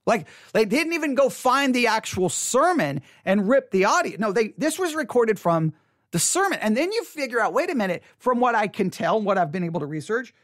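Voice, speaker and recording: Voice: mid-range voice, big pitch swings, a little fast, dry recording, clean studio sound. A speaker giving casual spoken commentary on an album, chatty and repetitive, often retelling their own reactions. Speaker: online commentator on faith and music.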